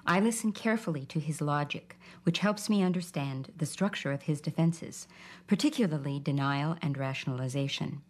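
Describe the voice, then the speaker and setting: Calm low-voiced female therapist. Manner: calm, measured, clinical. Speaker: psychotherapist. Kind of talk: explanatory narration and therapy talk.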